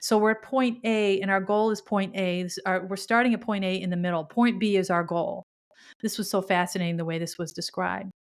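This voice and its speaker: Middle-aged woman, spiritual podcast host, earnest and heartfelt, mid-pitched voice. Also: steady tone, a little fast. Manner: earnest and emotional, with frequent restarts. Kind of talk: spiritual monologue.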